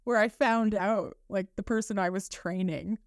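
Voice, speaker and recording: A woman's voice: medium pitch, normal speed, no room sound, studio quality. A woman hosting a casual podcast chat, chiming in with sympathetic, relatable remarks.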